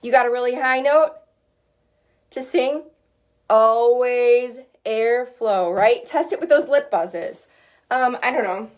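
A woman vocal coach talks through a lesson in a loose, chatty way, with a slightly high voice. She fills her explanations with fillers and breaks off to sing short demo notes. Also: takes it slowly. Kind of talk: casual teaching chat.

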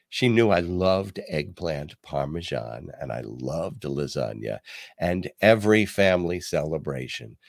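Older guy hosting a talk show, deep raspy voice, super dry close sound. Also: no echo. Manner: animated, reads quotes aloud, pauses with ums. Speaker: podcast host. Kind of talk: casual commentary and storytelling.

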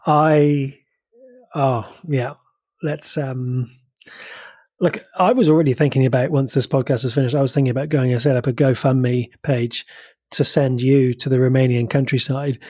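Husky New man, dry teasing. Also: mid-range voice, fairly even intonation, moderate pace, a little mellow, dry recording. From New Zealand. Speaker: podcast co-host. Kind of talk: casual chat.

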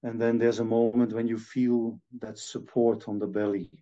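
A man calmly talking someone through a relaxation and stretching exercise, step by step. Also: mid-range voice. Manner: calm, slow step-by-step instructions. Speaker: movement teacher. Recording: dull lo-fi sound.

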